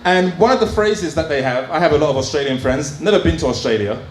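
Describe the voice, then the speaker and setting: A man's voice: fairly high pitch, fast talker, slight background noise. Chatty man doing crude stand-up. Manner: crude, chatty storytelling with lots of fillers. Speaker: stand-up comedian. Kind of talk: open mic stand-up. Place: small comedy club with audience. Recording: roomy club sound, faint ambience.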